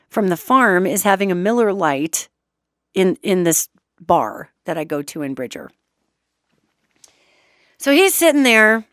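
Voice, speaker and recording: Lively chatty woman podcast host. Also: lowish voice, no room sound, clean studio sound. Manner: animated, chatty, repeats points, swears casually. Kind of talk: talk show monologue.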